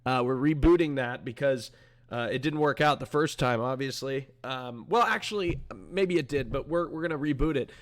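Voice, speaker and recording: A man's voice: mid-range voice, normal speed. A young man hosting his podcast on a live stream, rambling casually and talking back to his chat.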